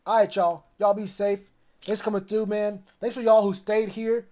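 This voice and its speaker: A man's voice: sits high, level tone, moderate pace, warm tone. A man chatting loosely on a live stream about football, rambling with plenty of fillers. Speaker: sports streamer. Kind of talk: casual live stream chat.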